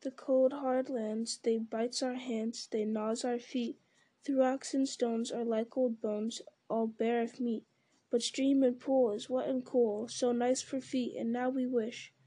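A sly, creeping male creature, put on by a woman reading aloud, lilting in a wheedling sing-song. The voice sits a little high and stays mellow and soft-edged. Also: flat delivery, slow pace.

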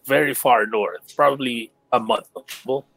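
A man's voice: mid-range voice, normal speed, gravelly, a bit bright, no echo, rough recording. A man playing a tabletop game, easygoing in his talk. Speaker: player. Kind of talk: casual tabletop game chat.

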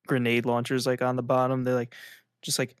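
A man's voice: mid-range voice, monotone, a little fast, clean tone, no echo, clean studio sound. A man co-hosting a podcast in casual chat, rambling and filling nearly every phrase with "like". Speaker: podcast co-host.

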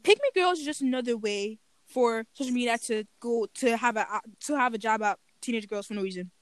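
Fast-talking high-voiced woman in casual chat. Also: no room sound. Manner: rapid, emphatic, says "literally" a lot. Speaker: podcast co-host.

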